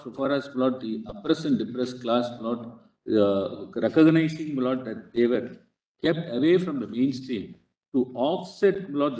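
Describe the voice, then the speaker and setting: Here the same kind of courtroom argument comes from a man whose Indian English voice is medium-pitched and mellow. Constant "Lord" addresses break up nearly every phrase, so he sounds halting yet insistent. The recording is echoey courtroom audio taken from afar.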